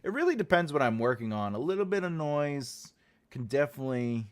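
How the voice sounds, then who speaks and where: Lively chatty New York man. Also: a little high, fairly quick. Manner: rambling, chatty, self-deprecating asides. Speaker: host, author. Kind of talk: casual livestream chat.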